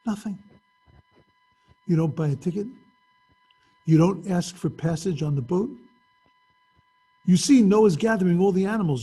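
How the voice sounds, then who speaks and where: A man with a fairly high voice teaches a class over a video call. His voice is mellow and husky, and he tells stories with acted-out dialogue in a conversational way. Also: lively intonation, a little slow.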